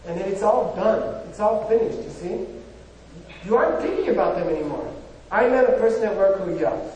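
Heard from a distance in an echoey hall, a man gives a casual spiritual talk full of rhetorical questions and "you know." His high-pitched voice has a dark tone and lively intonation, and he speaks a little fast. There's slight background noise.

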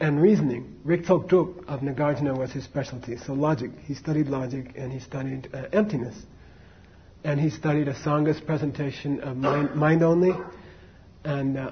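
A man's voice: on the high side, moderate pace, muffled recording, slight background noise. A man giving a casual Buddhist dharma talk, telling a story conversationally with many asides to his listeners. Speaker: Buddhist teacher.

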